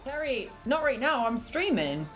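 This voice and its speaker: A young British woman, her accent softened by years in America, chatting casually on a livestream and reading out her chat. She giggles a lot, swears freely and coos at her dog. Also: high voice, very animated, unhurried, faint music behind. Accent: British, partly American after years in the US. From Britain.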